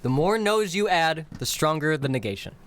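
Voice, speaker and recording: With a slightly high, expressive, somewhat bright voice, a man explains his constructed language to live stream viewers. He speaks slowly, translating phrases piece by piece into literal word-for-word meanings.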